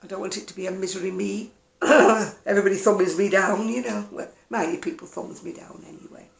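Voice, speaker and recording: A woman's voice: medium pitch, steady tone, brisk, gravelly, roomy sound. A woman chatting casually in a home vlog, wry and talkative. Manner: chatty, wry, mimics other people's voices. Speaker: vlogger. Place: at home, indoors.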